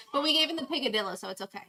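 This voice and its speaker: A woman's voice: high-pitched, animated, very fast, pushed and bright. A woman co-hosting a casual board game stream, chatty and supportive with playful teasing. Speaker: podcast co-host, oceanographer. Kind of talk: casual chat about board games.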